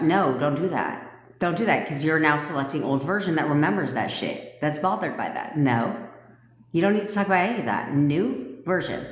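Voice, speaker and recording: Low-voiced woman, brash manifestation coach, swears freely and laughs between points; echoey room sound. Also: expressive, brisk. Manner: blunt and profane, laughs often. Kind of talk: casual livestream talk. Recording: echoey room with long reverb.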